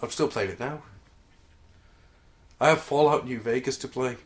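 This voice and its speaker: A man co-hosting a podcast in casual chat, answering in short, dry, deadpan quips. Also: mid-range voice, moderate pace. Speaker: podcast co-host.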